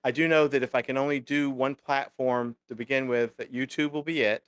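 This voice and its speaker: A man's voice: medium pitch, steady tone, brisk, fairly bright tone, smooth, dry recording, studio quality. A man co-hosting a casual live chat stream, rambling with many fillers and restarts.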